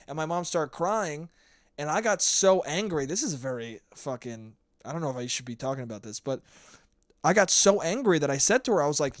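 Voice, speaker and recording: A man's voice: on the high side, very animated, normal speed, dry recording. A young man hosting a solo podcast while hungover, rambling, swearing and earnest, with laughs along the way. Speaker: podcast host. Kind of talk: casual solo podcast monologue. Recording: dry close sound with sirens outside.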